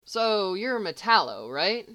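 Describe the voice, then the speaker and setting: A woman's voice: medium pitch, sing-song, takes it slowly, fairly bright tone, dry recording, clean studio sound, voice pushed up. A woman reading the lines of a cocky hitman who talks in a lazy drawl. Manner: drawling, casual.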